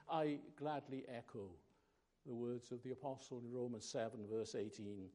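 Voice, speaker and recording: A man preaching a sermon, slow and emphatic, pausing between phrases. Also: medium pitch, mellow.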